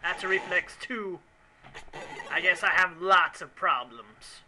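A man's voice: high voice, drawn-out words, pauses often, pushed and bright, rough recording. A man commenting on a video game he is playing, in rambling, mock-angry, jokey rants. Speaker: let's play commentator.

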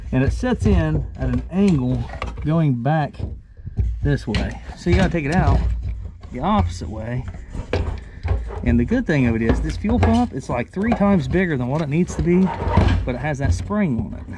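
A man hosting a casual car repair tutorial, explaining steps and muttering at stubborn parts as he works in a garage. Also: on the high side. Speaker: garage DIY host. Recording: clanking workshop noise behind.

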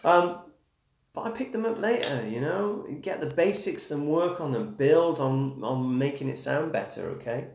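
On a live guitar stream, an English man speaks with a higher, darkish voice, lively intonation and moderate pace. He chats casually, encourages viewers, asks "okay?" and calls them "dude" and "man", amid guitar playing in an echoey room.

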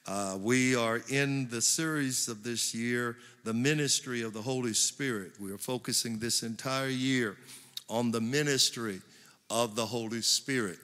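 A man pastor preaching a sermon, building to emphatic slow stresses. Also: medium pitch, fairly bright tone. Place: large church hall. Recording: long church hall reverb.

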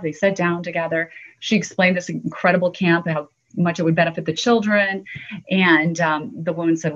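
A woman's voice: fairly low pitch, a little fast. A woman, a guest author, telling an anecdote in an interview and acting out the quotes with animation. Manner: animated storyteller who acts out quotes. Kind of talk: storytelling in interview. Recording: dull lo-fi audio.

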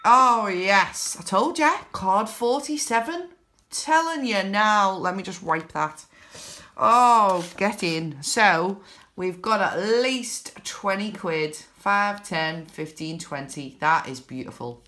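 Lady scratching cards, reads numbers slow, bright tense voice, whoops when she wins. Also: medium pitch. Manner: counts numbers aloud, bursts of excited whoops. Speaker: scratchcard channel host. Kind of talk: casual narration while scratching cards.

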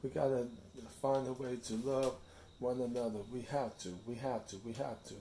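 A man at home with a rough, gravelly voice, speaking in a flat, even tone. He reads slowly with stops and restarts, and talks softly to his cat. A little noise sits behind him. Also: medium pitch. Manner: slow, halting reading with restarts; fond, soft talk to his cat. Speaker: vlogger reading a devotional. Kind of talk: casual home vlog with devotional reading.

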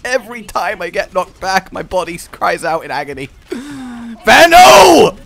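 A young man commentating a video game with friends, excitable and quick to shout and laugh. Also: high voice, gravelly. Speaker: gaming YouTuber. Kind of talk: casual gameplay commentary with friends.

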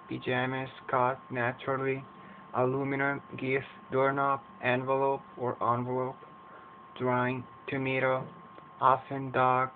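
Slow, careful Canadian man. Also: mid-range voice. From Edmonton, Canada. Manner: slow, careful word-by-word reading. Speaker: English teacher. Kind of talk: reading a word list for an accent challenge. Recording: tinny, phone-like home recording with faint hiss.

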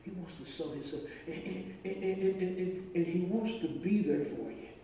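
A man, preaching a sermon as pastor, telling a story and moving between quiet talk and shouting. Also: high voice, moderate pace. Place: church sanctuary. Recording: echoey church room from far off, faint noise.

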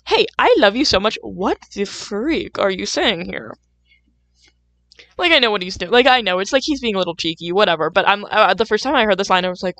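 A young woman talks to her audience in a loose, rambling way, piling up fillers and poking fun at herself. Now and then she jumps up loud and playful before settling back down. The sound is dry and close, and her pitch sits in the middle. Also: lively intonation, brisk, no echo. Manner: chatty, self-deprecating, lots of fillers and asides; sudden loud playful outbursts. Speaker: gaming video creator. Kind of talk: rambling casual chat while playing.

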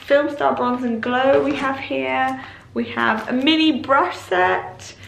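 A woman's voice: sits high, slow pace, vocal fry, roomy sound, slight background noise. Gushing young woman unboxing. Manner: gushing, excitable, lots of exclamations. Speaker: vlogger. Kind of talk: casual vlog chat while unboxing. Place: bedroom at home.

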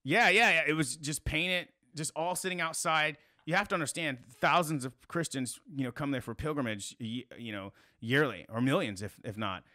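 A man in his thirties from South Carolina, a podcast guest telling a story in a casual, animated way, swearing freely. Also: moderate pace, few pauses, no echo, clean studio sound. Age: 30s. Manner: animated, swears a lot, rising to high exclaims.

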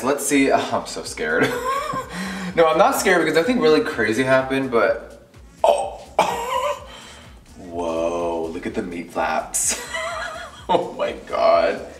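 A man's voice: fairly low pitch, a bit bright, echoey room. A man vlogging casually to camera as a beauty creator, sassy and giggly, swearing casually as he chats from a hotel room.

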